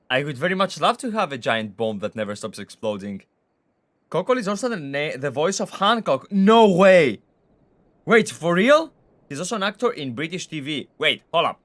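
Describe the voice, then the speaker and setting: Excitable young male game streamer. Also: on the high side. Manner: excitable, ranting.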